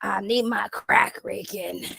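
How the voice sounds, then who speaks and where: A woman voicing a crude, taunting woman character with a low gravelly rasp, drawling mocking lines. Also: steady tone, slow pace, pushed and bright, dry recording, heavily acted.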